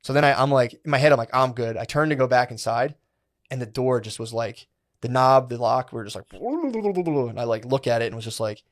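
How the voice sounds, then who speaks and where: A man's voice: mid-range voice, a little fast. A man in his thirties, a podcast co-host, telling a rambling, profane story in a casual chat and acting out what people said. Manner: rambling, profane, animated retelling with quoted inner voices.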